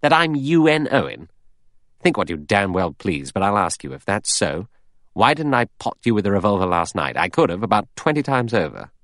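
A man's voice: fairly low pitch, very animated, dry recording, clean studio sound. A man doing a sardonic adventurer. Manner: brisk, sardonic, sharp retorts.

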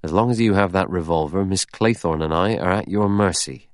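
A man's voice: sits low, lively intonation, moderate pace, no room sound, clean studio sound. A man voicing a stolid, suspicious ex-policeman in an audiobook, blunt and plodding.

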